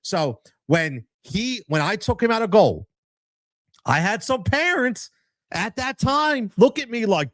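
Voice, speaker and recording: A man's voice: sits high, sing-song, slow pace, fairly bright tone, no echo, clean studio sound. A man hosting a podcast, telling a story in a casual, emotional way and often tossing in "man" and "right?". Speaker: podcast host.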